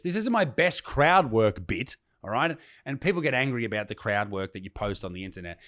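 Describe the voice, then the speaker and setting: A man, a comedian ranting sarcastically and with heavy swearing while reading comments aloud. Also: mid-range voice. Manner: sarcastic, profane, mocking. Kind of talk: reacting to comments, casual rant.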